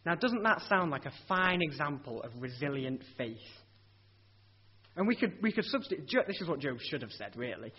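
A man preaches a sermon earnestly and conversationally, asking rhetorical questions and often restarting his sentences. His voice is on the high side, sing-song and slightly rough, at a normal speed, on a dull lo-fi recording.

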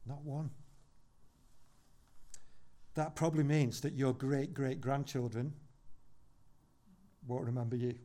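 A man preaching a sermon as pastor in church, conversational and wry with dry humorous asides, slowing down to land emphatic points. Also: medium pitch, fairly even intonation, dark tone. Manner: builds to slow, emphatic points.

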